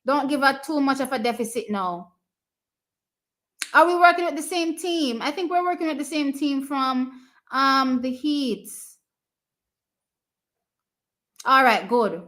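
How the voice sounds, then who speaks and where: A woman's voice: high voice, unhurried, long pauses. Chatty Jamaican woman cheering on a race. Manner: chatty and excitable, cheering teams on. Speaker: live stream watch party host. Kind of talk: casual live race commentary, answering chat.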